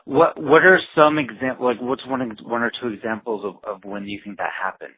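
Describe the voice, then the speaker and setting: A man's voice: mid-range voice, a little fast, husky. A man interviewing a guest, asking short follow-up questions. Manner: brief prompts and follow-up questions. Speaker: interviewer, senior editor. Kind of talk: phone interview. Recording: tinny phone line.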